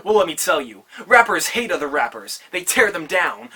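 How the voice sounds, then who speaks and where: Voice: mid-range voice, very animated, normal speed, hardly any pauses, bright, forceful tone, husky. A rapper giving a comedic diss performance with a mocking, rhythmic rhyming delivery.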